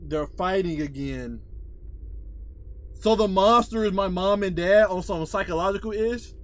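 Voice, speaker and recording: A young man streaming a game from his room on a headset mic, chatting in slangy casual commentary and yelling loudly at the scares. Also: sits high, unhurried. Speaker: gaming streamer. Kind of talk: casual live gameplay commentary.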